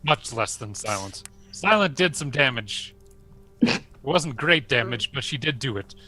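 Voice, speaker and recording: A man's voice: mid-range voice, animated, a little slow, sharp tone. A man playing a tabletop game, joking and bantering casually. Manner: joking, playful. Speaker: player.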